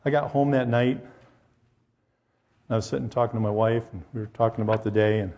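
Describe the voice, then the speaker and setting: In a muffled recording, a man with a lowish voice speaks at a brisk clip before a congregation in a church hall. His preaching is lively, mixing personal anecdotes with direct questions to the people in front of him.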